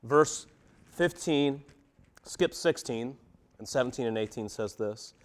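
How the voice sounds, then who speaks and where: A man's voice: medium pitch, expressive, slow, pauses often. A male pastor giving a conversational sermon to his congregation, asking them reflective questions. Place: church service before a congregation.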